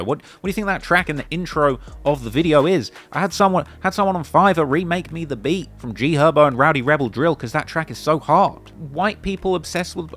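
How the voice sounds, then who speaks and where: A young man with an English accent talks through viewer comments on his channel. He is emphatic and animated, and his pitch leaps up and down as he makes his points. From England. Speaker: YouTube commentator. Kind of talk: reading and answering viewer comments.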